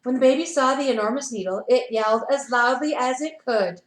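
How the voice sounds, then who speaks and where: Woman playschool teacher, picture book read-aloud, animated with asides, high voice, echoey room, video call. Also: a little fast. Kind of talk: reading a picture book to children.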